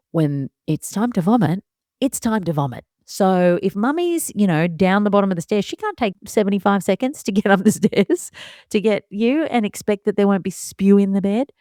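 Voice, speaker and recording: A woman in her thirties, a mother and host, telling a story in a casual monologue, animated and laughing often as she acts out her own thoughts. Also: medium pitch, normal speed, dry recording, clean studio sound.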